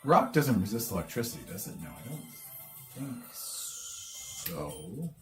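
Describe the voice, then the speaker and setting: A man playing a video game and explaining his moves as he goes. His voice is mid-pitched and his talk is easygoing, with faint music underneath. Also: measured pace. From Canada. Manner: relaxed, thinking aloud. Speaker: co-host, gamer. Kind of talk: casual let's-play commentary.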